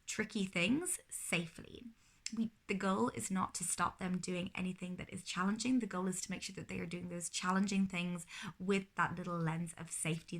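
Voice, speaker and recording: A woman in her thirties, a mother, giving parenting advice in a casual vlog, talking earnestly and often correcting herself mid-sentence. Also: fairly low pitch. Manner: earnest, explanatory, with frequent self-corrections.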